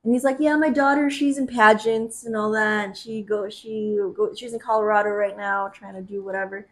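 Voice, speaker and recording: A young woman co-hosting a podcast, telling stories in a lively way, acting out what people said and laughing often. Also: medium pitch, brisk, few pauses. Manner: animated, acts out quotes, laughs often. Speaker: podcast co-host. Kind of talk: casual chat, storytelling.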